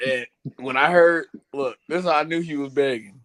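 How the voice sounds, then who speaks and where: A man's voice: fairly high pitch, normal speed, fairly bright tone. A man from Seattle, host of the show, telling stories in a casual chat, full of laughter and profane slang.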